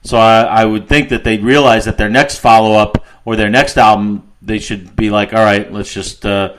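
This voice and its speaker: A middle-aged man rambles through anecdotes in a lowish voice on a casual music podcast. He restarts his sentences often. A faint hiss sits under the recording. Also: flat delivery, moderate pace, a bit bright, rough recording. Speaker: podcast co-host.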